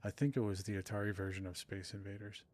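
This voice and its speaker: A man's voice: on the low side, flat delivery, fast, darkish tone, no room sound. A middle-aged man chatting casually with his live-stream audience while playing, self-deprecating and rambling. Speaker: streamer and author.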